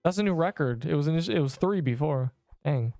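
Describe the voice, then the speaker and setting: A man's voice: fairly high pitch, expressive, fairly quick, mellow, no echo, clean studio sound, soft background music. A young man streaming a video game, chatting casually and rambling to his viewers. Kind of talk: casual live-stream commentary.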